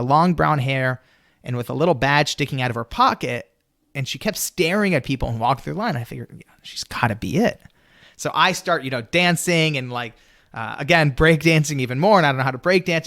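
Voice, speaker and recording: A man telling a story as a podcast guest, animated and full of "you know" fillers. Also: fairly high pitch.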